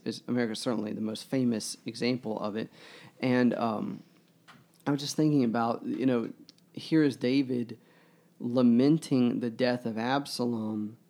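A man with a gravelly, mellow voice talks through a book in casual discussion. He muses aloud at a middling pitch. He stops often to restart his sentences. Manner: musing, halting, many restarts.

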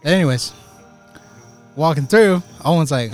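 A man's voice: mid-range voice, expressive, moderate pace, long pauses, a little mellow, faint music behind. Laughing young man chatting outdoors at night. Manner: laughs often, jokey, crude. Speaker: podcast co-host. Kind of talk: casual chat.

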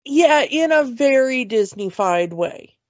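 Unhurried chatty woman podcast host. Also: high voice, lively intonation, no echo, lo-fi sound. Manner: chatty, rambling with restarts and laughs. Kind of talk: casual movie chat.

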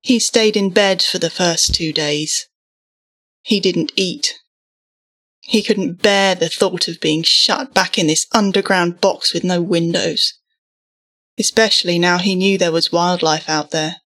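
A woman narrating a story aloud in an even, measured reading voice. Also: fairly low pitch.

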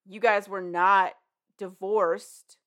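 A woman's voice: medium pitch, steady tone, a bit bright. A woman chatting casually with a friend, retelling a story and briefly quoting the characters in it. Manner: casual, profane, acts out characters in quick quotes.

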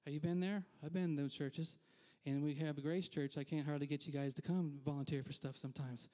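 A man's voice: fairly high pitch, steady tone, a little fast, warm tone. A man preaching a conversational sermon as pastor in a church, candid and self-deprecating, with frequent asides.

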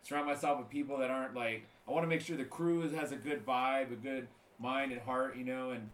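Fast-talking man in a roomy room. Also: mid-range voice, steady tone. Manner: laid-back, rambling, many fillers. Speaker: podcast host. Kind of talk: casual podcast chat. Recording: roomy echo.

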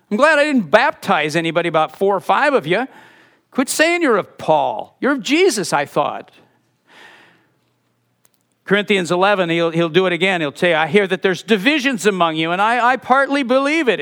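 A man preaching a sermon as pastor, animated, with sudden drops to a soft voice. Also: high-pitched.

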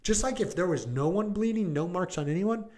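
A male police deputy, probably in his thirties, sounds high and a little mellow, with lively intonation and a slightly fast delivery. In casual podcast storytelling, he retells a call, mimicking people and saying "like" and "I go" often.

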